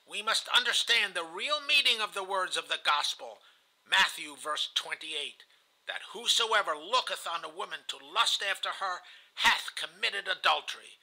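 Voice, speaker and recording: A man's voice: high-pitched, animated, normal speed, bright, forceful tone, poor audio. A man reading a novel aloud in the first person, earnest and confessional. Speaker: audiobook reader.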